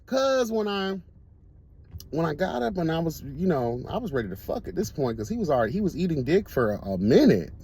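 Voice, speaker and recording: A man chats casually to his audience in a lively, swooping voice that climbs and drops a lot. His delivery is camp and animated, and he breaks into laughter often as he tells his stories. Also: fairly high pitch, a little fast, husky. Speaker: host. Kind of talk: casual storytelling chat.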